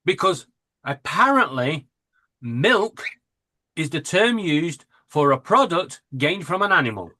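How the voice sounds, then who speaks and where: A man's voice: fairly high pitch, sing-song, slow pace, sharp tone. A man in casual live banter, talking with strong opinions and checking in with "right?". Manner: opinionated, ranting, adds "right?".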